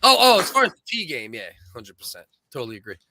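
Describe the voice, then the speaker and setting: A man's voice: fairly high pitch, wildly swooping pitch, fast, bright, forceful tone, slight background noise. A man co-hosting a casual chat, earnest and rambling, with many restarts. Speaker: podcast co-host.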